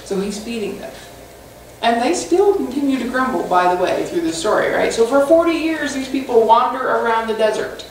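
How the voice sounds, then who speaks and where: A woman pastor gives a lively, joking, conversational sermon in a slightly high voice. She is heard from a distance in a church sanctuary with a heavy echo and a faint hum behind her. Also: brisk. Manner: animated, humorous, conversational storytelling. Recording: echoey hall from far off.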